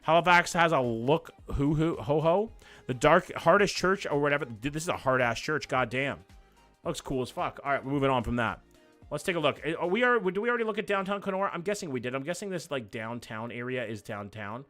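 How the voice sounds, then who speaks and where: A man's voice: on the high side, animated, a little fast, fairly bright tone, soft background music. A young man hosting a live reaction stream, chatting loosely with viewers, swearing and joking as he reacts to what he sees. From Canada. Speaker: livestream host.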